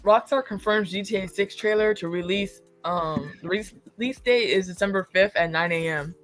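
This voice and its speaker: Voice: mid-range voice, moderate pace, a bit bright, soft background music. A podcast co-host reading out gaming news items in a plain, matter-of-fact way.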